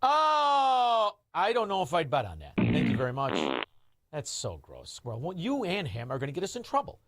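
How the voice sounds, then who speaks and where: Brash high-pitched talk radio host. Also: male voice, huge pitch swings, moderate pace, creaky, fairly bright tone, no room sound, studio quality. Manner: brash, mocking, ranting.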